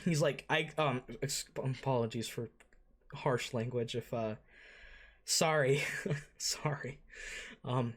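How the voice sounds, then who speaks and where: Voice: mid-range voice, slow, long pauses. An anime reaction host giving casual, rambling commentary, swearing freely and full of fillers and restarts.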